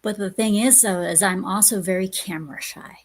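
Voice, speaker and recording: A woman with a creaky, husky voice speaks as a guest on a casual podcast. She talks haltingly and keeps restarting her sentences as she searches for words. Her pitch sits in an ordinary middle range. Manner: halting, hesitant, many restarts. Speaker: guest streamer.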